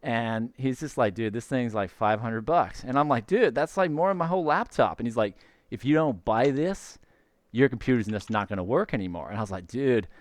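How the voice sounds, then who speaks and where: A man playing a laid-back young stoner dude with a put-on Californian drawl, loose and easygoing. His pitch sits mid-range. The sound is dry and close. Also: expressive, brisk, dry recording, lightly acted.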